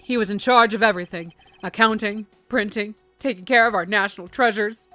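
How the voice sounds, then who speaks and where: A woman's voice: medium pitch, brisk, sharp tone, soft background music, lightly acted. A woman voicing a formal, stately male ambassador from a game who speaks in a dignified way. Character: formal middle-aged male ambassador, proud of his small nation.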